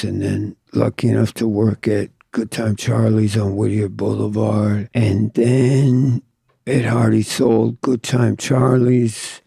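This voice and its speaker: A man's voice: lowish voice, vocal fry, mellow, slightly rough, dry recording, studio quality. An older man from Southern California, a tattoo artist telling stories in a laid-back, profane drawl as an interview guest. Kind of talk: casual storytelling.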